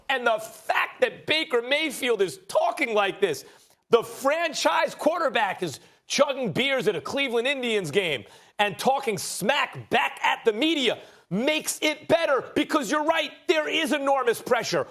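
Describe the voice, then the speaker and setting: Animated high-voiced male sports debater. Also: soft background music. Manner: animated, argumentative, rapid-fire rebuttals. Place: TV studio.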